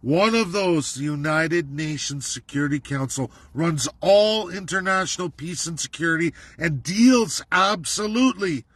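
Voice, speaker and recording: A man's voice: fairly high pitch, animated, measured pace, few pauses, fairly bright tone, no echo. A man delivering an angry, profane political rant, heated and accusatory. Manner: heated, swearing, accusatory, emphatic. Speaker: political commentator.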